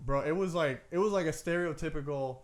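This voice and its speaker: A man's voice: fairly high pitch, a little fast. A man co-hosting a podcast, telling a long story in casual chat, rambling with lots of "like" and casual swearing. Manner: rambling, full of "like" and "I'm like"; swears casually, says "bro". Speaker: podcast co-host.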